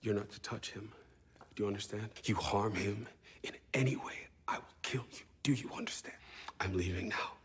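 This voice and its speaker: An actor playing a cold, menacing male vampire who delivers low, hushed threats in a TV drama scene. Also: normal speed, husky. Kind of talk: TV drama acting.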